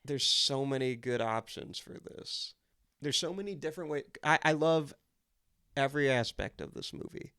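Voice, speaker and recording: This podcast co-host is a man whose clean, fairly bright voice sits at medium pitch. He chats casually about a film, enthusiastic and emphatic, and keeps restarting his sentences quickly.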